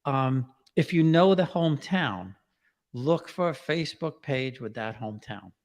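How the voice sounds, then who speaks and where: A man as a podcast guest in casual chat, relaxed and easygoing, with many pauses and fillers. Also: medium pitch, big-room sound.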